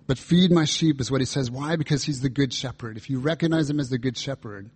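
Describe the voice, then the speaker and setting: A man's voice: mid-range voice, brisk, darkish tone, slightly rough. A man pastor preaching a reflective, earnest sermon, reading and voicing scripture dialogue as he explains it.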